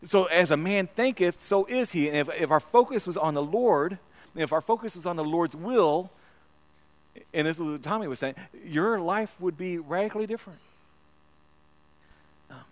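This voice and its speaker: Earnest man preaching, fairly high voice. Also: a little fast. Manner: earnest, repeats himself, stumbles over words. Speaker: pastor. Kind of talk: sermon.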